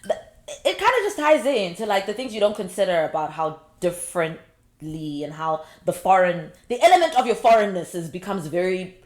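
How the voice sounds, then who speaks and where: A woman in her twenties with a British-sounding accent, co-hosting a podcast in casual chat, wry and emphatic with quick asides. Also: on the low side, sing-song. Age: 20s. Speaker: podcast co-host.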